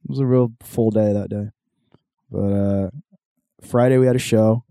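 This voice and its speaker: A man's voice: fairly low pitch, fairly even intonation, normal speed, vocal fry, mellow, clear, resonant tone, dry recording, studio quality. A young man, hosting a podcast and telling a story in casual chat, swearing a lot and acting out the voices of people in it. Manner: laid-back storyteller, swears a lot, acts out quotes. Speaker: podcast host.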